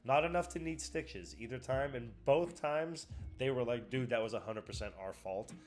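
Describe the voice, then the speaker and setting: A man's voice: medium pitch, normal speed. A man chatting casually as a streamer, rambling and emotional, swearing a lot, close to tears. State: tearful. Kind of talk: casual chat.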